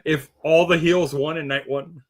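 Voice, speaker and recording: A man co-hosting a casual podcast of wrestling predictions, talking in an animated way with theatrical reveals. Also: fairly high pitch, normal speed, a little hiss or hum. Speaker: podcast co-host.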